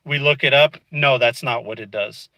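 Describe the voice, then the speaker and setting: Sitting in his car, a vlogger tells a casual story straight to camera at normal speed, chatty and frustrated, peppering it with "dude" and "you know what I mean." His middling-pitched voice is bright and forward, and the sound is dry and close with no room echo.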